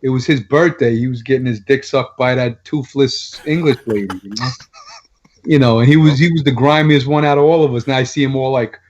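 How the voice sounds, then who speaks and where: Middle-aged new guy, blunt crude storyteller, average pitch, dull lo-fi sound. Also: a little fast, darkish tone, a little hiss or hum. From Long Island, New York. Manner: blunt, profane storyteller who laughs often. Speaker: guest rapper. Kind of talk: casual podcast chat.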